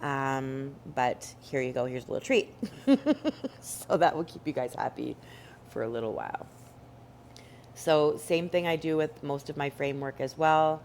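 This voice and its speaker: A woman's voice: very deep voice, measured pace, a little mellow, slight background noise. A woman teaching a painting tutorial from home, chatty and rambling with many fillers. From Canada. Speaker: rock painting instructor. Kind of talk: casual tutorial narration. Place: home indoors.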